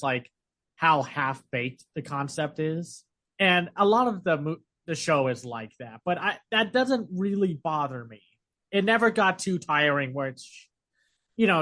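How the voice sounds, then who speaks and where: This man co-hosts a podcast and keeps the talk casual. His voice runs slightly high for a man, and his animated, meandering delivery is full of filler words and rapid asides.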